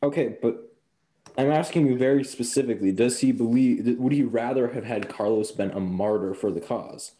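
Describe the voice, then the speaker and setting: A man's voice: medium pitch, normal speed, mellow. A man leading a casual tabletop role-play discussion, asking pointed questions and teasing the players.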